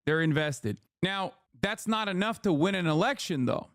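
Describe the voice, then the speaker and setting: A man giving casual political commentary as a streamer, animated and profane, often tagging his points with "okay?". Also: sits high, moderate pace, no echo, studio quality. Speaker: streamer reacting to news.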